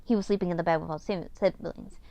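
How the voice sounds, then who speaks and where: A woman's voice: on the low side, fairly even intonation, quick pace, gravelly, warm tone. A woman casually recapping an old story series of hers, rambling and self-mocking, with casual swearing.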